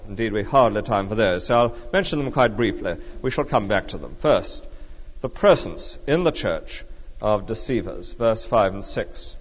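A man delivers an emphatic, measured sermon, walking his congregation through a passage verse by verse. His pitch rises and falls in a lively way. The sound is dull and lo-fi, with a long reverb trailing off in a church. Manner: emphatic, measured expository preaching. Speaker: preacher.

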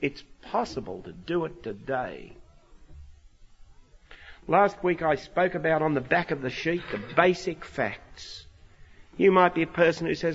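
An Australian man preaching in a big church hall, his pitch swinging widely as he acts out the scene. The sound is dull and lo-fi, with a long reverb trailing each phrase. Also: normal speed. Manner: animated, dramatic retelling with voiced quotes. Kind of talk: sermon.

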